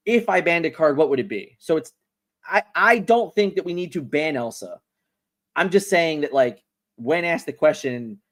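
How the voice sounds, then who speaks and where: Male card-game streamer, mid-high voice, loose rambling chat, lots of restarts. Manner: rambling, repeats words, animated. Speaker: livestream host. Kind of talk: casual livestream chat.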